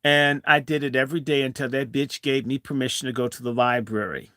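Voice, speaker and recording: A man in his sixties holds forth in a bright, forceful voice, sliding between a personal story and a blunt, profane rant. His sound is dry and close, with no room around it. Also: mid-range voice, fairly even intonation, fairly quick, dry recording. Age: 60s. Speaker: host.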